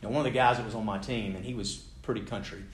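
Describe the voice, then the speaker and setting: Animated American man telling a sermon story. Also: lowish voice, quick pace. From United States. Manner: animated, self-deprecating humor. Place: room with a live audience. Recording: roomy hall sound, faint background noise.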